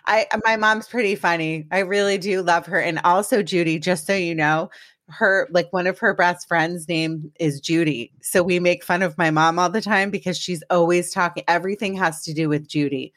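A woman's voice: lowish voice, steady tone, moderate pace, fairly bright tone, no echo, studio quality. A woman hosting a podcast, telling rambling personal stories in a casual chat before introducing her guest. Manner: chatty, rambling storytelling. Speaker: podcast host.

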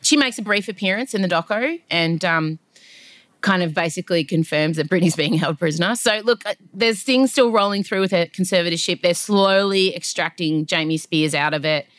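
A woman's voice: lowish voice, moderate pace, fairly bright tone, dry recording. Chatty woman, dry close mic. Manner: chatty, gossipy, laughs often. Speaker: podcast co-host. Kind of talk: casual chat.

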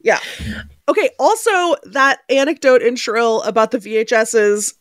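A woman's voice: on the high side, lively intonation, unhurried, dry recording, studio quality. A woman co-hosting a podcast in casual, playful chat, laughing often. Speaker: podcast co-host.

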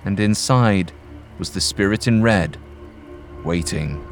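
A male storyteller reads a scripted ghost story in a calm, measured way. His low voice moves at an unhurried pace over soft background music. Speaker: narrator.

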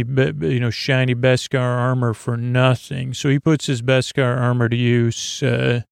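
A man's voice: medium pitch, gravelly, smooth, no echo, studio quality. A man hosting a sleep podcast, rambling through a loose story recap with many fillers, restarts and lost threads. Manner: meandering, loses his place, many fillers and restarts. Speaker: podcast host.

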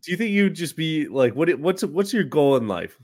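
A man co-hosting a casual podcast, sounding tired, relaxed and teasing, quick to laugh. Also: on the high side. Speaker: podcast co-host. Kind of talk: casual comedic chat.

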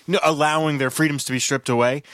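A man's voice: a little high, steady tone, fast, a bit bright, dry recording. A man co-hosting a casual political chat, hesitant and restarting often, then arguing his point. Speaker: co-host.

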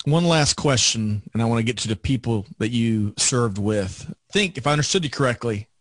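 A man hosting a veterans podcast, asking long, measured questions of his guest. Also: mid-range voice, animated, no echo. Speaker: podcast host. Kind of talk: interview questions.

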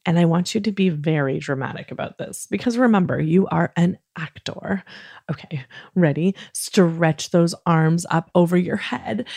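Woman, bedtime host for children, soothing, low pitch, dry close sound. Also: vocal fry, no room sound. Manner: soft, slow, soothing, playfully acts out yawns. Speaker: host of a kids bedtime podcast. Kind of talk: gentle bedtime talk to children.

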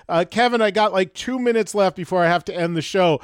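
High, smooth-voiced male host. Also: no room sound. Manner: brisk, steering the talk to a close. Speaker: podcast host. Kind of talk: interview wrap-up.

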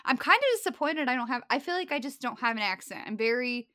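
A woman from West Virginia with a Midwestern accent, co-hosting a Bible study podcast in casual, animated chat over a video call. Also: a little high, fast. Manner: chatty, animated storyteller.

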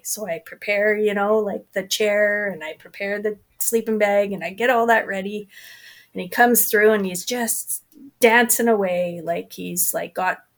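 A woman's voice: mid-range voice, normal speed. A woman, a guest in a casual interview, telling funny stories about crewing for her husband's races, laughing often and acting out what people said. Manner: animated, laughs often, acts out quoted lines. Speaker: guest, crew for an ultrarunner husband.

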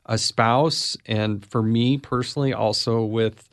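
A man hosting a podcast, reflective and halting as he shares a family story. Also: mid-range voice, fairly even intonation. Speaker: host.

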